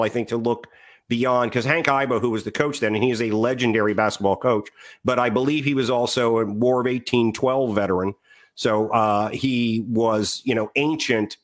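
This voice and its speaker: A man's voice: mid-range voice, a bit bright. A man co-hosting a sports podcast, talking casually and rambling through trivia with many fillers. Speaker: podcast co-host.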